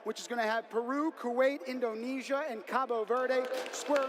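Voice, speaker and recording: A man commentating a robotics competition live from a booth, talking fast and hyped like an announcer. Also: very high voice, fairly even intonation, a crowd in the background, noisy background. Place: commentary booth in a noisy arena.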